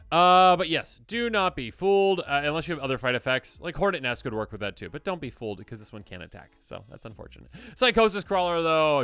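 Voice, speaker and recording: A man hosting a casual card game review, animated and jokey, now and then acting out silly voices. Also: fairly high pitch, clear, resonant tone, no echo. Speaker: host.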